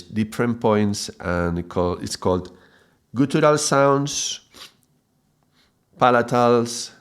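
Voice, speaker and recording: A man teaching a lesson, speaking haltingly, often repeating words and checking in with "yeah?". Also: on the low side, clear, resonant tone. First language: Spanish. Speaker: mantra teacher. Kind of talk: explanatory video lesson.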